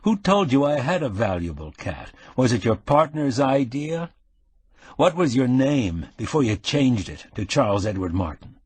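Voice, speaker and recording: A man voicing a calm, shrewd older gent. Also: mid-range voice, normal speed, husky, dry recording. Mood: stern concern. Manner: steady, avuncular, probing. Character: calm, shrewd middle-aged man, avuncular.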